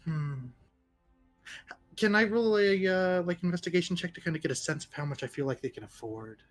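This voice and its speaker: A tabletop player describing their character's actions in a halting way. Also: mid-range voice, faint music behind. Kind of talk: tabletop game play.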